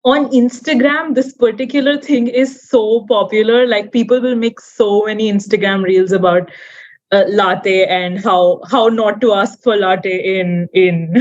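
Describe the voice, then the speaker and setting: A woman guest on an interview podcast, speaking in a hesitant, halting way. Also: mid-range voice, steady tone, muffled recording. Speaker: guest anthropologist. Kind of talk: casual interview chat.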